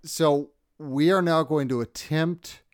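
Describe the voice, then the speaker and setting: A tipsy man hosting a casual podcast, loud and crude, breaking into laughter between lines. His voice is smooth and clear at a middle pitch. The sound is dry and close. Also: steady tone, slow, no room sound. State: drunk. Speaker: podcast co-host. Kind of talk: casual chat.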